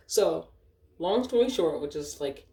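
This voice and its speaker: A woman's voice: on the low side, animated, takes it slowly, dark tone. Woman telling a storytime, cussing and heated, echo all around. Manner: profane, fired-up, repeats herself. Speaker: storytelling vlogger. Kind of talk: casual storytime retelling. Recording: echoey room.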